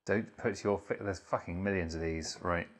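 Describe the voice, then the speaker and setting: A man hosting a mock reading and lecture, delivering it deadpan with sudden swearing asides. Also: deep voice, moderate pace. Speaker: host reading aloud.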